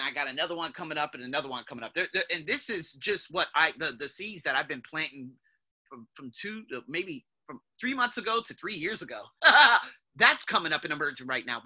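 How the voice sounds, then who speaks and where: A man hosts a podcast and delivers a casual motivational monologue straight to his listeners. His voice is very bright and tense and sits a little higher than most men's. He talks in an animated way, often stops to correct himself, and addresses his audience as "guys". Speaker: podcast host.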